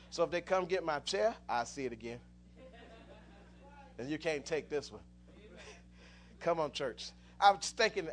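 A man's voice: fairly high pitch, a little hiss or hum. A man preaching a sermon, telling stories with many restarts and rising into fervent exclamations.

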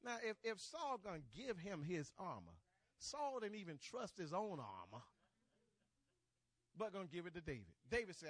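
A man preaching a sermon, retelling stories in a lively, colloquial way, acting out the dialogue and often repeating his words. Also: high voice, moderate pace, no room sound. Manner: animated storytelling with acted dialogue, rising to near-shouts.

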